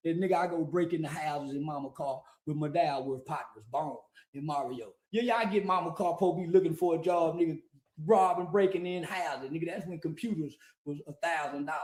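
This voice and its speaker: A man's voice: a little high, a little fast, darkish tone, reverberant, poor audio. A man giving casual, blunt, profane street commentary, full of slang and repeated "yeah". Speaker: guest commentator.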